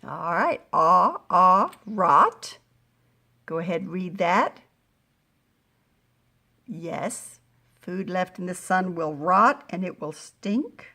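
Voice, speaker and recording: A middle-aged woman teaching a phonics lesson to young readers, patient and encouraging, sounding words out slowly. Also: fairly low pitch, animated, sharp tone. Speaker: reading teacher.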